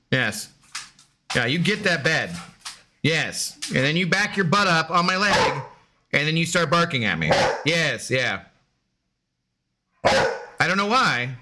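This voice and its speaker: A man's voice: on the high side, lively intonation, takes it slowly, long pauses, background noise. A man streaming live, chatting casually with viewers in a rambling way and slipping into sing-song baby talk with his dog.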